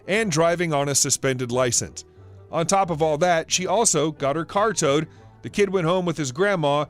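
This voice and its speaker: A man narrating a first-person story in a wry, dryly sarcastic storytelling manner. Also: fairly high pitch.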